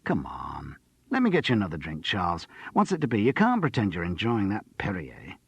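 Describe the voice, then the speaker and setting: A man's voice: low voice, huge pitch swings, fairly quick, vocal fry, husky, no room sound, highs cut off, exaggerated voice. A man voicing a jovial, crude-humoured male doctor who teases his friend. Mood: coaxing. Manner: teasing, crude.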